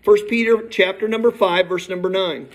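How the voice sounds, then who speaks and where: A man in middle age delivers a sermon from the pulpit, his voice pitched high and ringing through an echoey church hall. He speaks emphatically, pressing each point and lifting his voice as he reads scripture. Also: steady tone, normal speed. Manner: emphatic, reads scripture aloud with rising force. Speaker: pastor. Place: church sanctuary.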